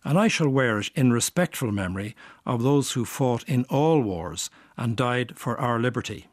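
An older man reading a reflective personal essay in a measured way. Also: medium pitch, expressive, dry recording, clean studio sound. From Ireland.

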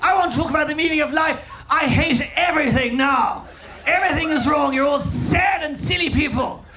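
A man's voice: very high voice, fairly quick, bright, forceful tone, raised voice, pitched above the performer's own voice, full character voice. A man doing a comic impression of a flamboyant older senator who exclaims grandly and dramatically. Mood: theatrical. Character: flamboyant older male senator, theatrical and exasperated. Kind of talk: stand-up impression.

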